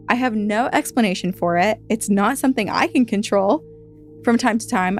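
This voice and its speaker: A woman reads online stories aloud for a podcast in a relaxed, conversational tone. She slows down and lifts her voice on key lines. Soft music plays faintly behind her. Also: mid-range voice. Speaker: podcast co-host reading a story aloud. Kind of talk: casual reading of online posts.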